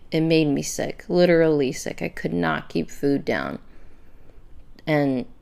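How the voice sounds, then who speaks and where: Low, gravelly-voiced woman podcaster. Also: darkish tone. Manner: candid, emotional, halting with repeated words. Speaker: podcast host. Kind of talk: personal faith-based podcast monologue.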